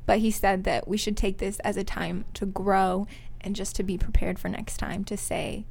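A woman's voice: medium pitch, level tone, normal speed, creaky, a little mellow. A young woman co-hosting a podcast, telling a story in a chatty, giggly way with lots of filler words. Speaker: podcast co-host. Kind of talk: casual storytelling chat.

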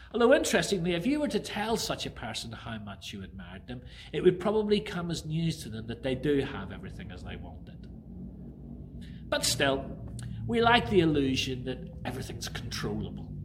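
A man preaching a sermon who opens with a prayer and tells a story in a conversational, animated way. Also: medium pitch.

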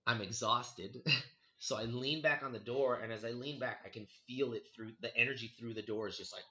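A young man telling a story in casual chat, animated and profane, full of "like" and "dude". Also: mid-range voice, a little fast, dull audio. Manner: animated, swearing, heavy on 'like' and 'dude'.

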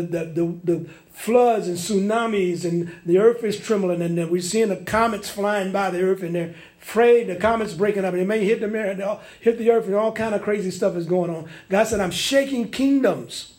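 Preacher guy with a high voice, reads verses real emphatic, lots of restarts. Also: a little mellow. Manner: emphatic scripture reading with many restarts. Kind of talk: sermon recorded on tape.

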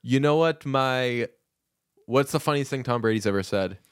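A man's voice: mid-range voice, normal speed, clear, resonant tone, no echo. Joking chatty man, dry sound. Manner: chatty, joking, reads quotes aloud. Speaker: podcast co-host. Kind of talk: casual chat.

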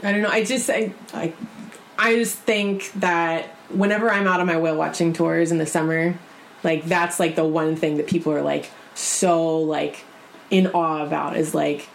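A woman's voice: low-pitched, fairly even intonation, moderate pace, gravelly, a little hiss or hum. Giggly young woman in an echoey room. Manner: giggly, lots of likes. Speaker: podcast co-host, whale-watching guide. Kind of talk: casual chat.

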